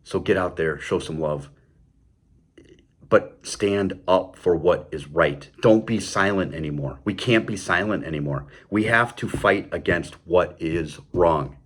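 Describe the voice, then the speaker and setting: Low and unhurried with a breathy edge, this man's voice carries his own show's political commentary. The monologue is impassioned and heated, stumbling over repeated words and laced with sarcastic, mocking asides.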